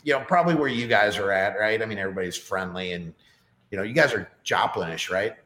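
A man's voice: on the low side, quick pace, pushed and bright, reverberant. A middle-aged man, a podcast guest, chatting casually and telling stories with lots of fillers. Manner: chatty storyteller with many fillers. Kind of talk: casual chat.

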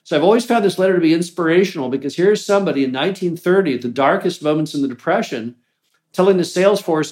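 A man's voice: on the high side, expressive, fast, a little mellow. A man hosting a business show, giving an earnest, plainspoken motivational talk. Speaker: host of a mobile home park business show.

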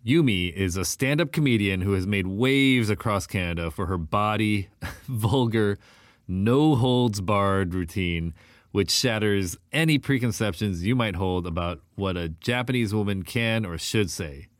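A man's voice: fairly low pitch, a little slow, no room sound, studio quality. A man hosting a podcast in a casual, laid-back way, dropping hip-hop slang. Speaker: podcast host.

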